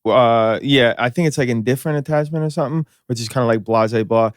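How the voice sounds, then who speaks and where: Animated male comedian telling stories. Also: mid-range voice, fast, smooth, dry recording, clean studio sound. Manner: animated storyteller, acts out voices, swears freely. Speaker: comedian guest. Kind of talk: casual chat.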